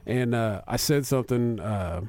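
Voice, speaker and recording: A man's voice: mid-range voice, a little mellow, no room sound. A man in his thirties, a podcast guest in casual chat, rambling and poking fun at himself while laughing often. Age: 30s. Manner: self-mocking, rambling, quick to laugh.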